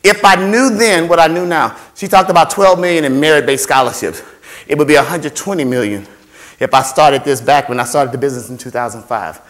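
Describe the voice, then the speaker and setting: A man giving an animated motivational talk to students about finding scholarships, playful and repetitive, acting out voices and sounds. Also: on the high side, a little fast. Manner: playful, repeats phrases, acts out voices and sounds. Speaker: scholarship workshop speaker.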